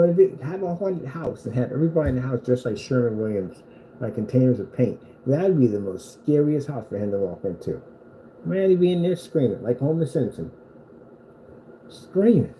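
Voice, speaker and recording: A man's voice: mid-range voice, mellow, slight background noise, low-quality recording. A man delivering a boastful, taunting rant at a rival screen maker, repeating himself for emphasis. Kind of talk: trash-talking rant at a rival.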